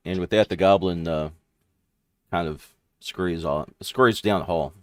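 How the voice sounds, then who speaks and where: A man narrating a tabletop game as game master, lively, with frequent fillers. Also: deep voice, moderate pace, no room sound, studio quality.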